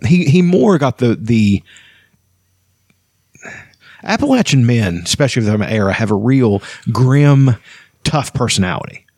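Rambling husky man, casual podcast chat. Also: mid-range voice, very animated, unhurried, pauses often, darkish tone, dry recording, clean studio sound. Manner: rambling, profane, restarts sentences. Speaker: podcast co-host.

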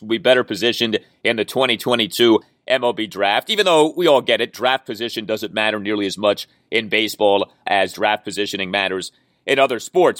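A man hosting a sports podcast, delivering an emphatic, opinionated monologue that jumps up in pitch to stress his points. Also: a bit bright, no echo, clean studio sound. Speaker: podcast host.

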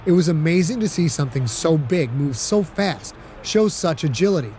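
A man narrating an audiobook in a steady storytelling manner. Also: a little high, normal speed, a little hiss or hum.

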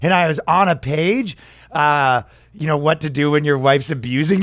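A male comedy podcast host with a slightly raised voice, recorded dry and close. He tells stories in a lively, laughing way, slipping into the voices of the people he quotes. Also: a little high, moderate pace, dry recording. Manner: animated storyteller, laughs often, acts out quoted people. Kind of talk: casual comedic chat.

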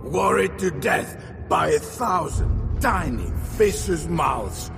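An actor voicing a menacing warlord in a film trailer, slow and grandiose, building to shouted threats, over loud dramatic music. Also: male voice, a little high, animated, vocal fry, heavily acted. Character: menacing warlord addressing an empire.

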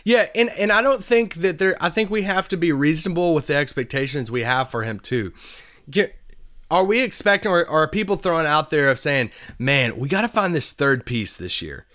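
A man co-hosting a sports podcast, talking earnestly and thinking out loud. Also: a little high, expressive, a little fast. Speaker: podcast co-host. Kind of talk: casual sports podcast chat.

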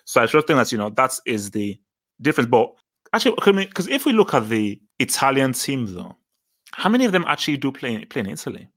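A man's voice: medium pitch, very animated, fast talker, a bit bright. A man in casual football chat, thinking aloud and often stammering and restarting as he works through names. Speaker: podcast co-host.

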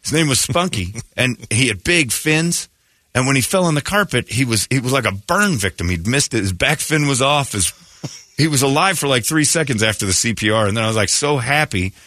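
Radio host guy, lively bright voice, dry studio sound, tells goofy stories. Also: mid-range voice, a little fast, no room sound. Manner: animated storytelling with laughs and acted-out voices. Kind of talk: comedic morning radio talk.

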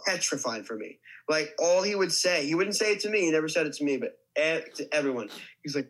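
A man's voice: a little high, lively intonation, quick pace, fairly bright tone, rough recording. A young man, an actor, telling a story casually with lots of restarts and "like". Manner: rambling, many restarts and likes. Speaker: actor guest.

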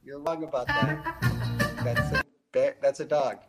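Male remote guest, casual and argumentative, slightly high voice. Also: huge pitch swings, a little slow, over music. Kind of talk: casual comedy banter.

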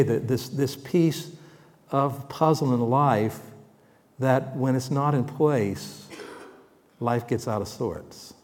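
Man preaching in a reverberant hall. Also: mid-range voice. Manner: conversational preaching, asks the congregation questions, swells louder for emphasis. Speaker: pastor. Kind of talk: sermon.

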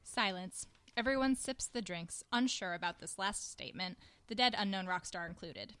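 A woman reading the narration of an audio drama in a calm, matter-of-fact way. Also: medium pitch, normal speed, clear, resonant tone. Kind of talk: scripted narration.

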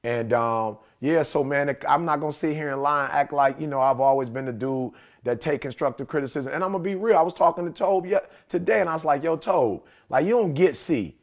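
A man's voice: fairly high pitch, fairly quick, hardly any pauses. A man hosting a casual talk show, telling stories animatedly and laughing often. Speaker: podcast host. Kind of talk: casual chat.

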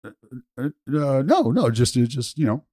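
A man's voice: mid-range voice, very animated, moderate pace, warm tone, dry recording, clean studio sound. A man hosting a casual podcast, telling stories with profanity and playful ribbing. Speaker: podcast host. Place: hotel bathroom.

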